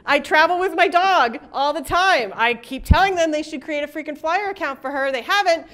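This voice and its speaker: Chatty high-voiced woman presenter. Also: a bit bright. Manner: chatty, jokey, with quick asides and laughs; acts out quoted people in shifting voices. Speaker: conference presenter. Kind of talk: casual conference talk. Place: conference room with live audience.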